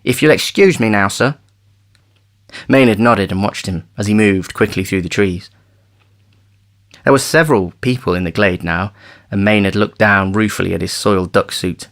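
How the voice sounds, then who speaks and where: A man reading a novel aloud as an audiobook narrator, measured and steady. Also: fairly low pitch. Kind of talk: scripted narration.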